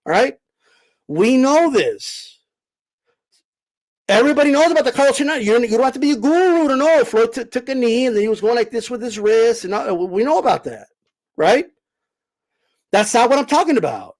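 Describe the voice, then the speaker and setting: A man's voice: very high voice, expressive, fast, low-quality recording. A man hosting a boxing live stream, lecturing his chat emphatically and raising his voice to repeat his points. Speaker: boxing commentator host.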